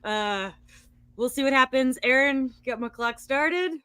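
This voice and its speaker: A woman co-hosting a podcast, recapping a movie in a rambling, excitable, playful way. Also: sits high, unhurried, clean tone, no room sound. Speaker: podcast co-host recapping a film. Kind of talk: casual podcast chat.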